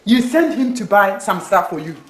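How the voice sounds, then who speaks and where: Brief: actress playing a loud, scolding Ghanaian sister-in-law; animated, echoey room recording. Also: female voice, mid-range voice, normal speed, lightly acted. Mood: taunting. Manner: scolding, shouting. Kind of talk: Ghanaian film drama acting. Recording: echoey room, faint noise.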